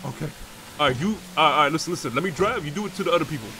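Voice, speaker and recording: A man's voice: on the high side, expressive, rapid-fire, noisy background. A man streaming a game role-play as a pirate robber, brash and profane, throwing in growled pirate calls.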